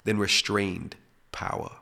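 A man hosting a podcast, giving a reflective spiritual teaching talk that drops to hushed emphasis. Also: lowish voice, fairly even intonation, slow pace, vocal fry. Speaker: podcast host.

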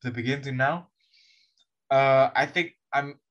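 A young man from Indonesia, English his second language, with an American-based Indonesian accent, co-hosting a casual chat in a halting, self-correcting way. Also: mid-range voice, highs cut off. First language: not English. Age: young adult. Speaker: podcast co-host.

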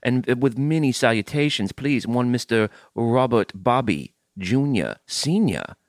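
Dude playing a super polite southern gentleman, put-on drawl, lively pitch, dry close sound. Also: a little slow, no echo. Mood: courtly. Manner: flowery, overly polite, stammering. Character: courtly antebellum Southern gentleman, male, late thirties. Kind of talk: improvised comedy bit.

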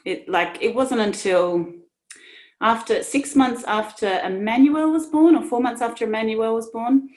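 A woman's voice: on the high side, measured pace, a little mellow. A woman in her thirties speaking earnestly and emotionally about her own experiences, with many restarts. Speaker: podcast guest. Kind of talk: personal conversation.

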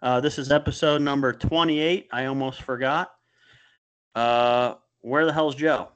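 A man's voice: mid-range voice, steady tone, unhurried, clean tone, lo-fi sound. A man hosting a podcast in a loose, joking, casual chat. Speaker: podcast host.

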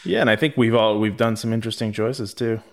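A man's voice: fairly low pitch, fast talker. Easygoing, laughing male co-host. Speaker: podcast co-host. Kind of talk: casual chat.

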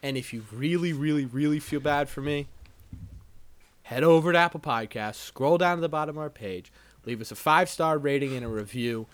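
A young man co-hosting a podcast, talking in an animated, self-deprecating, swearing way. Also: on the high side, fairly quick. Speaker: podcast co-host. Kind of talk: casual podcast banter.

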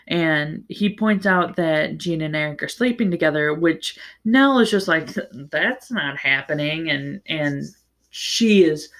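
A woman hosting a podcast, giving a casual, rambling book recap with plenty of fillers, restarts and the odd swear word. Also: sits low. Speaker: podcast host.

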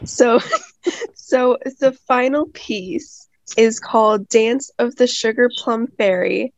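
Woman reading out a music bit, steady, flat dry lo-fi sound. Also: on the high side, takes it slowly, dry recording. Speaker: podcast co-host. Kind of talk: reading a prepared segment.

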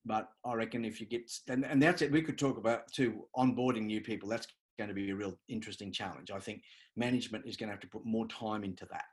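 Animated male interview guest. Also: on the low side, fast talker. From Australia. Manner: animated storyteller, repeats words. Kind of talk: conversational interview.

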